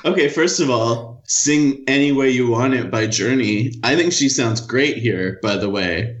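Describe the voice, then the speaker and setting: A man chatting as a podcast guest, halting and hesitant, often restarting his sentences. He sounds like he is in a roomy space, echoing around him. His sound is dull and lo-fi. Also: mid-range voice. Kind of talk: casual podcast chat.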